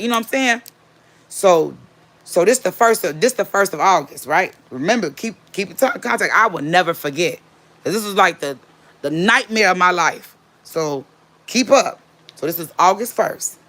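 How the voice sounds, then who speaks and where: A woman tells a story from her own life in a loose, chatty way. She talks at a middle pitch, stresses her points and keeps coming back to the same phrases. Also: animated, normal speed, pauses often, a bit bright. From Gary, Indiana area. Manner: chatty and emphatic, repeats herself. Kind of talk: casual storytime.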